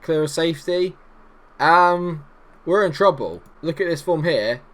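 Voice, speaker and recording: A man giving excitable, jokey let's-play commentary, chatting to the players on screen as he goes. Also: on the high side, a little slow. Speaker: gaming YouTuber.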